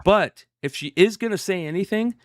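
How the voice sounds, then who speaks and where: A man co-hosting a casual podcast, talking slowly with many fillers and restarts. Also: sits high, no room sound, studio quality. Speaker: podcast co-host. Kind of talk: casual chat.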